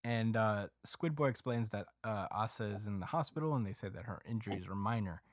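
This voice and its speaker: A man hosting a podcast, casually recapping a story with lots of fillers and quick acted quotes. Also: fairly low pitch, dry recording, studio quality. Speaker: podcast host recapping a manga chapter. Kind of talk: casual chat.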